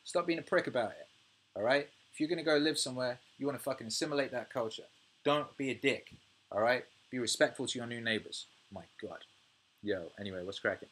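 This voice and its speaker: British male streamer in his thirties, casual, profane, animated ranting. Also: medium pitch, brisk, slightly rough. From United Kingdom. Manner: swears freely, animated rants, laughs often. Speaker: music producer and livestream host. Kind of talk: casual livestream chat reading viewer comments.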